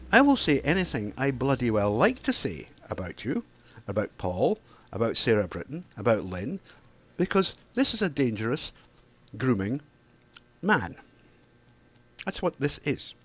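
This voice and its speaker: A man's voice: mid-range voice, wildly swooping pitch, measured pace, long pauses. A man, delivering an angry, heated monologue to camera, sarcastic and swearing freely. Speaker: video blogger.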